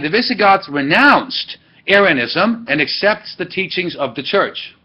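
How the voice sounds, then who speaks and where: A man's voice: on the high side, big pitch swings, normal speed. A man teaching a church history class, walking through dates and quizzing his students as he thinks aloud. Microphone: webcam. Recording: muffled webcam audio.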